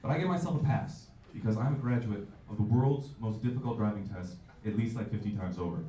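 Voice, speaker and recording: A man's voice: fairly low pitch, fairly quick, mellow, slight background noise. A man in his twenties doing a stand-up comedy set, with a loose, self-mocking delivery and bursts of acted-out voices. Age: 20s. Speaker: stand-up comic. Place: comedy club stage. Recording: echoey club audio from far off.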